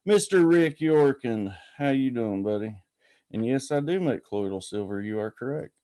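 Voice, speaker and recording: A man's voice: medium pitch, expressive, moderate pace, mellow, dry recording. A man hosting a call-in podcast, chatting casually in a folksy, rambling way and greeting viewers by name. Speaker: podcast host. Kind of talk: casual live-stream chat.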